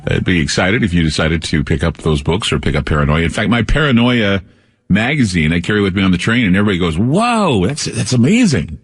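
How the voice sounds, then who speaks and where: Husky low-voiced male radio host. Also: quick pace, long reverb tail. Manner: rambling, anecdotal storytelling with frequent restarts. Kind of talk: radio talk monologue.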